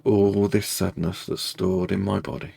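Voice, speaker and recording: A man leading a guided tapping meditation, speaking slow, repetitive first-person affirmations. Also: low-pitched, level tone, creaky, warm tone, breathy edge.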